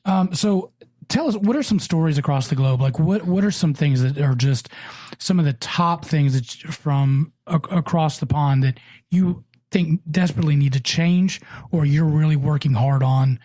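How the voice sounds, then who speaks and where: A man hosting a podcast, easygoing and chatty, quick to agree with his guest. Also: on the high side, mellow, no echo. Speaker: podcast host. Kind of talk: casual podcast chat.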